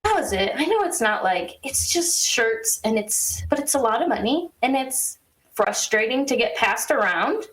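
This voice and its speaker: A woman co-hosting a podcast, telling a story in a casual, animated way with quick asides and exasperated laughs. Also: a little high, low-quality recording. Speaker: podcast co-host.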